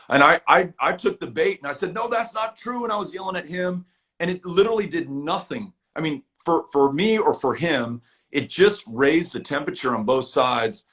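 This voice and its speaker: A man's voice: medium pitch, a bit bright. A man talking as a guest in a casual live video chat, earnest and reflective, often repeating words as he restarts.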